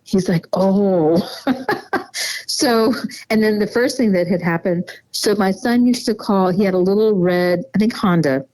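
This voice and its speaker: A middle-aged woman, a donor's mother, telling personal memories in a halting way, repeating words and laughing softly between them. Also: mid-range voice, low-quality recording. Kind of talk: emotional personal storytelling.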